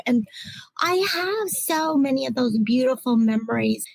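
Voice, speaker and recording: A middle-aged woman on a podcast panel, speaking in a reflective, halting way that at times turns emotional. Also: fairly high pitch, creaky, no room sound, rough recording. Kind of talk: casual chat.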